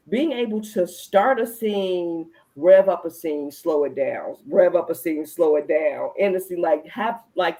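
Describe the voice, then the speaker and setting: A woman with a fairly low voice hosts a casual adult conversation. Her pitch swings widely as she tells stories with energy. She acts out her own reactions and swears casually. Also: mellow, poor audio. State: recalls being pregnant at the time, not now. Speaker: podcast host.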